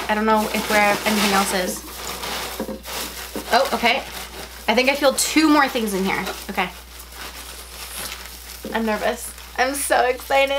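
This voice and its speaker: A young adult woman chatting at home as she unboxes a package, gushing and gasping with excitement as she rambles on. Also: on the high side, moderate pace, noisy background. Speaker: unboxing vlogger.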